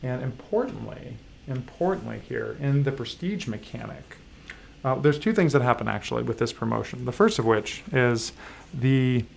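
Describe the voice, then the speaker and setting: A man streams a solo board game session, explaining the rules in a halting, casual way with frequent fillers and self-deprecating asides. His mid-range voice is expressive and gravelly, and there's a slight hiss or hum.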